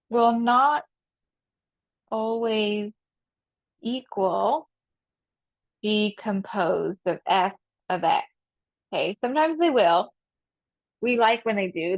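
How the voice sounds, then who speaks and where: A woman's voice: medium pitch, no room sound. Woman teaching math in a dull, dry recording. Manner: talks through steps aloud, asks and answers her own questions, repeats key phrases. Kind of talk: recorded video lesson.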